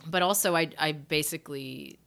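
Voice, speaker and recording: A woman's voice: low voice, normal speed, gravelly, a bit bright. A woman singer and musician talking as a guest in a casual interview, loose and chatty, with lots of "like" and restarts. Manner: chatty, loose, full of "like" and restarts, acts out phrasings.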